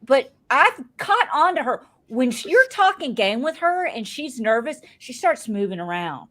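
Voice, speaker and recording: A woman co-hosting a casual reality-show recap podcast, brash and profane, mocking people with quick impressions. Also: high-pitched, big pitch swings, a bit bright. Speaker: podcast co-host.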